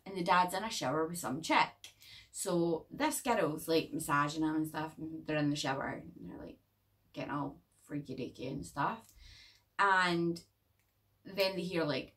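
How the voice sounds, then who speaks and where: A woman casually reviewing a horror movie in a chatty, animated way, swearing freely. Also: on the low side, normal speed, far from the mic.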